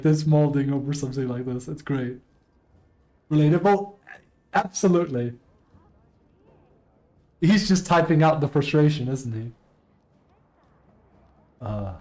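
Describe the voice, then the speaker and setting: Male streamer, casual live chat, excitable and swears freely, a touch high-pitched. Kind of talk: casual live-stream commentary, reading posts aloud.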